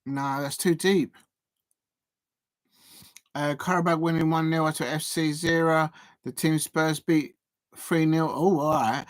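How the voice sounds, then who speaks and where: Fan guy doing live watch-along commentary, gets loud and excited, dry close sound. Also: a little high, slow, long pauses, no room sound. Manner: excitable, cheers and pleads at the action, chatty asides. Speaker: football fan channel host.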